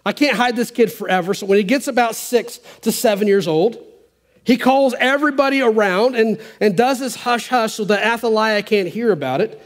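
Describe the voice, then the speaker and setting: Male preacher with a high voice, animated sermon delivery, reading scripture and commenting on it. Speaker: pastor.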